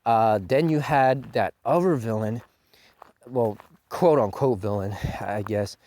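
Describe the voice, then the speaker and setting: A man ranting in a casual video review, profane and mocking, breaking into high mocking quotes. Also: takes it slowly, darkish tone, slight background noise. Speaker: show reviewer.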